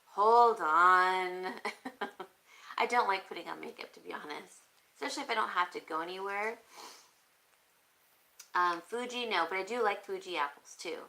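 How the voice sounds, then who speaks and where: A woman hosting a casual live stream, chatting and reading viewer comments aloud, thinking out loud with frequent pauses and fillers. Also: medium pitch, vocal fry, low-quality recording. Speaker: crafting channel host.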